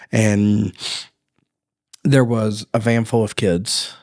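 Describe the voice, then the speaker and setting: A man with a fairly low voice tells a story on a faith podcast in a casual, animated way. He laughs often and acts out the people in his story. The sound is dry and close, with no room echo. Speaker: podcast host.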